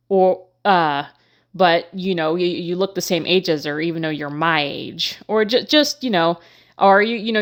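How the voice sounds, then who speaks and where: A woman's voice: fairly low pitch, a little slow. A woman hosting her own channel, talking casually and frankly with many fillers like "um" and "you know.". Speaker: host. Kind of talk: casual commentary to camera.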